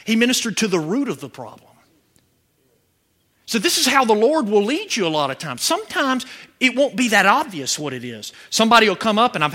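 A man from preaching a sermon, telling stories with animation and breaking into shouts. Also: sits high, brisk. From Georgia, USA. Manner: animated storytelling, bursts into shouting.

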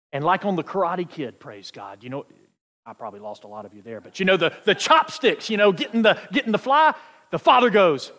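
A male pastor preaching a sermon, swinging from near-shouts to hushed asides. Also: sits high. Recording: echoey hall with long reverb.

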